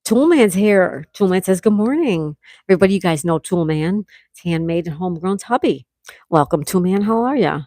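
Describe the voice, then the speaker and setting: A middle-aged woman hosting a casual livestream, reading viewers' comments aloud and chatting back warmly. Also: lowish voice, animated, moderate pace, no room sound, studio quality. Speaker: livestream host reading chat. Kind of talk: casual live chat.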